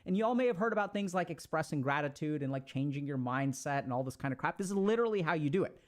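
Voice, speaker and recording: A man giving casual advice to an audience, talking in an animated, conversational way and acting out little quoted exchanges. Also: fairly high pitch, fast. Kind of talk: casual motivational talk.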